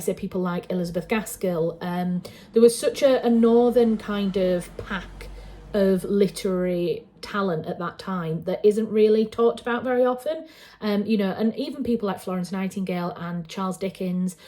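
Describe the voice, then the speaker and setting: A woman's voice: mid-range voice, dark tone. A woman with a Yorkshire accent reacting to a film trailer in casual commentary. She is chatty and digressive, with frequent fillers and self-corrections. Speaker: writer and channel host.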